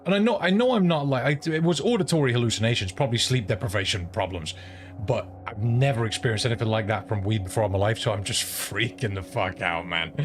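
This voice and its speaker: Man, low voice, rambling profane storytelling, casual streamer chat, clear background noise. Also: fast. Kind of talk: casual chat while gaming.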